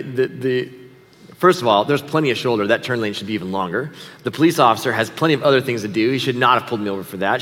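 This sermon comes from a middle-aged male pastor with a mid-range, slightly bright voice, recounting a personal story in a conversational, self-deprecating manner. Long hall reverb surrounds the recording.

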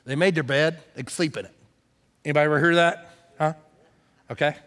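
A middle-aged man preaching a sermon as pastor, telling a story that swells to loud excited peaks and drops to hushed tones. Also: on the high side, brisk. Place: church sanctuary. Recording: long hall reverb.

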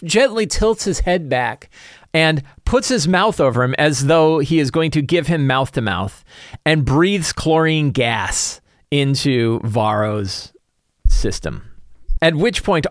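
A man's voice: medium pitch, expressive, a little slow, no room sound. Chatty male game master, dry close mic. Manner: rambling, full of "like" and "right?"; chuckles while telling. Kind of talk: casual campaign recap.

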